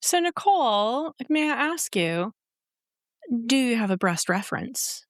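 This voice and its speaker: A woman's voice: fairly high pitch, sing-song, no echo, studio quality. A woman co-hosting a romance book podcast, blunt and playful in casual chat. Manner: blunt, playful, quick to dismiss. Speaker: podcast co-host reviewing romance novels.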